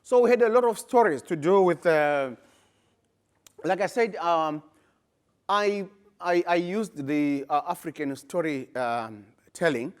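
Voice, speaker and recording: A middle-aged man with a Zimbabwean accent presents his research at a conference. He speaks with a somewhat high voice and grows emphatic, his pitch jumping up when he presses a point. The delivery stays that of a live talk to a room. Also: a little slow, clean tone. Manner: animated, emphatic, rising to bursts when making points.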